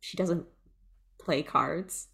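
A woman playing in a tabletop role-playing game, calmly describing her character's moves. She speaks slowly and casually, in a mid-range voice. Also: deep voice, vocal fry. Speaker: player.

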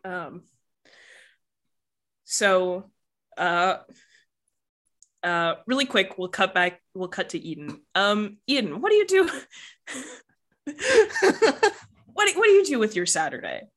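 Unhurried woman running a tabletop game. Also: mid-range voice, big pitch swings, a bit bright. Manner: casual, hesitant with many fillers. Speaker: game master.

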